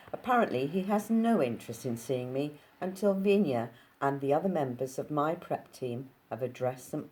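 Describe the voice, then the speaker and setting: A woman reading a novel aloud in an unhurried way, with casual asides to her listeners. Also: very deep voice, a little mellow. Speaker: audiobook reader.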